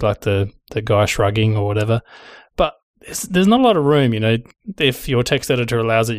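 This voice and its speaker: A man's voice: mid-range voice, clean tone, no echo, clean studio sound. A man, co-hosting a podcast and chatting casually, explaining his points with everyday examples. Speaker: podcast co-host.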